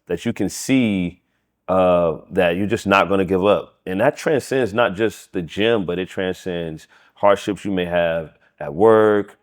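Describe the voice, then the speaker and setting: Guy with a very deep voice, earnest pep-talk kind of co-host. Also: a little slow. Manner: motivational, earnest, backs up others with yeahs. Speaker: podcast co-host, gym trainer. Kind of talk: casual podcast chat.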